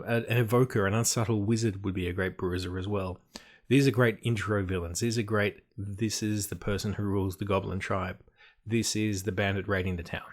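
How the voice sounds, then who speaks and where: A man with a somewhat low voice talks through tabletop game design. He stresses his points firmly and keeps a dry, wry edge with playful asides. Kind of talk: explanatory talk on game design.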